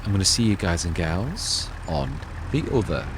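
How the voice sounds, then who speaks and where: A man's voice: low-pitched, very animated, normal speed. Chatty man narrating a game. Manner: chatty, thinks aloud, self-correcting. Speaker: gaming channel host. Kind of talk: casual let's-play commentary. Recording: clear background game noise.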